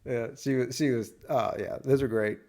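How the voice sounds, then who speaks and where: A man's voice: medium pitch, steady tone, moderate pace, a little mellow. A man co-hosting a podcast in casual chat, rambling through stories and reading movie quotes aloud. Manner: rambling, restarts often, reads movie quotes. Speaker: podcast co-host.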